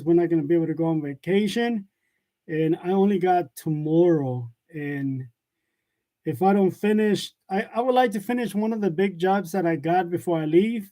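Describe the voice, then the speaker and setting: A man's voice: sits high, dark tone. A man hosting a casual live chat from his workshop, reading comments aloud, joking and laughing often. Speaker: live-stream host of a print shop channel. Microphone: wireless lavalier.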